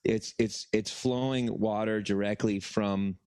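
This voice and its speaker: Low-voiced dude rambling a story on a podcast, swears a lot, dry close mic. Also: male voice, fairly even intonation, measured pace, darkish tone, clear, resonant tone, no echo. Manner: rambling, profane, lots of fillers and restarts. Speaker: podcast co-host. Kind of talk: casual comedic storytelling.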